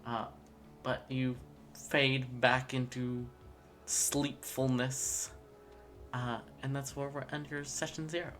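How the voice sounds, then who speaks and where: Gm narrating a tabletop scene, rambly with lots of uhs, mid pitch. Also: little pitch movement, slow pace, long pauses, a bit bright, faint music behind. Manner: loose, rambling, with fillers. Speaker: game master.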